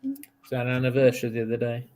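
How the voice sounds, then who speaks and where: A man's voice: medium pitch, sing-song, fast, very noisy. A man chatting casually with friends, dropping dry, wry asides. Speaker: chat participant. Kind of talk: casual chat among friends.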